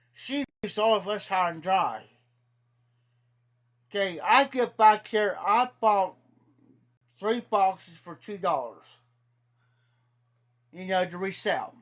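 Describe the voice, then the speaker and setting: Slow, rambling man from Ohio. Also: high-pitched, a bit bright. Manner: rambling, indignant storytelling with repeated "I said"; drawling, slow-paced delivery. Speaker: livestreamer. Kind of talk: casual storytelling.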